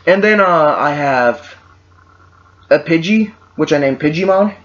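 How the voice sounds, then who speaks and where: A man's voice: on the high side, expressive, a little slow, fairly bright tone. A man hosting a casual podcast chat, joking and sarcastic as he talks. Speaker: podcast host. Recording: dull lo-fi amateur recording.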